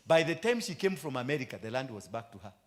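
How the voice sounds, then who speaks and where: Man, kenyan english accent, preaching a sermon, mid pitch, repetitive, mixes in swahili, loud then low. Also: very animated, fast. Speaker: apostle preaching.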